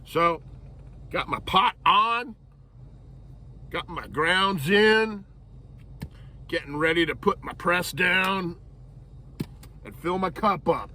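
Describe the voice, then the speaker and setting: A man narrates his camping vlog outdoors with a relaxed, joking ease. His voice sits a little high and bright, and he takes his time over each thought. Faint outdoor hiss runs behind him. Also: slow, long pauses. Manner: jokey, playful and self-amused. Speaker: vlogger. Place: campground outdoors.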